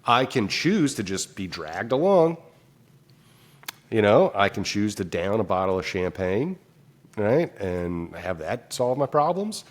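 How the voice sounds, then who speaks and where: A man's voice: lowish voice, big pitch swings, measured pace. A man as a guest psychologist in an interview, telling a personal story and acting out his own inner dialogue, with loose phrasing and many fillers. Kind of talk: conversational explanation.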